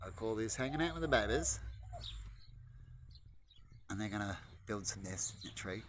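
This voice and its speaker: A man's voice: moderate pace, slight background noise. Rambling man outdoors amid birdsong. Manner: chatty, swings between low mutters and high excited baby talk to birds. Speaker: vlogger. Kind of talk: casual rambling chat. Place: outdoors at a bird-feeding spot. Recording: outdoor audio with birdsong behind. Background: birds chirping.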